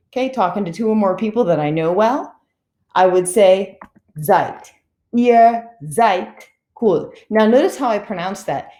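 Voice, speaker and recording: A woman teaching a German lesson, lively and sing-song, slowing down to drill words. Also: mid-range voice. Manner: animated, sing-song, drills chants slowly. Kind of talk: classroom lesson. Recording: echoey room.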